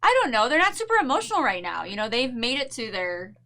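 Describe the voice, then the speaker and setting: A woman's voice: fairly high pitch, sing-song, quick pace, pushed and bright. A woman co-hosting a casual show, chatting in a bubbly way and laughing often, with a New Jersey accent. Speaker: podcast co-host. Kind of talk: casual chat recap.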